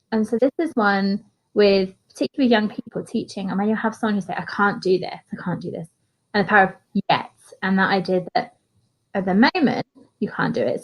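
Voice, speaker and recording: A woman's voice: medium pitch, low-quality recording. A woman hosting a coaching podcast, affirming her guest and thinking aloud in casual conversation.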